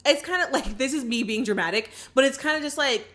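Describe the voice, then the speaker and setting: A young woman hosting a casual movie reaction, recapping the plot in an animated way and acting out the characters' lines. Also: high-pitched, fairly quick.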